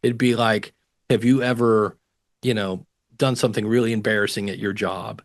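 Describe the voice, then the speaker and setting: A man talks casually as a guest on an interview show, handing out practical advice. He is animated and slips into little voices when he quotes other people. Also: lowish voice, moderate pace. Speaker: podcasting guest expert.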